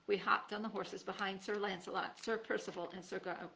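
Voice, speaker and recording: Teacher lady reading a kids' book out loud, bright voice, bit of vocal fry. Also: mid-range voice, brisk, hardly any pauses, poor audio. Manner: expressive storytelling. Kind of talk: reading a children's book aloud.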